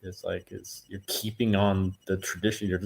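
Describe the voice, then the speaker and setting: A middle-aged man chatting as a guest in a casual interview, telling lively stories and acting out voices. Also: low-pitched, moderate pace, vocal fry. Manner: animated storyteller, acts out quoted voices. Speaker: guest actor.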